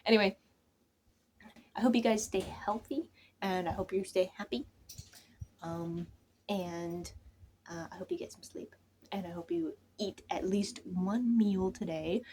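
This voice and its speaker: A woman's voice: mid-range voice, measured pace, long pauses, darkish tone, a little hiss or hum. A young woman chatting casually to her viewers, rambling, trailing off and restarting, often sinking to a near whisper. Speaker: channel creator. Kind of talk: casual chat to camera.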